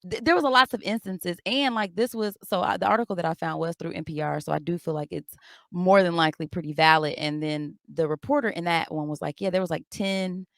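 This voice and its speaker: A woman's voice: fairly low pitch, brisk, creaky, dry recording, clean studio sound. A young adult woman co-hosting a book club podcast, talking bluntly with plenty of swearing and acting out little scenes. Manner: blunt, profane, animated storytelling. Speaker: podcast co-host. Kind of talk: casual book club chat.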